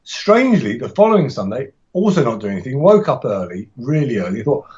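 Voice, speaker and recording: A man's voice: mid-range voice, very animated, a little fast, a little mellow, muffled recording. A man talking casually as a podcast guest about teaching martial arts, rambling and enthusiastic, with frequent restarts and laughs.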